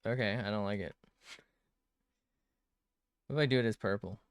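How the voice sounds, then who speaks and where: A man's voice: fairly low pitch, moderate pace, clear, resonant tone, no room sound. A man streaming himself drawing, muttering to himself in casual commentary, swearing often and joking at his own expense.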